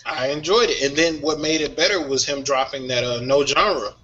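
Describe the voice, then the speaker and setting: A man co-hosting a casual music talk show, sharing strong opinions in a lively way and laughing often. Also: medium pitch, moderate pace, slight background noise. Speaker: podcast co-host. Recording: dull lo-fi sound.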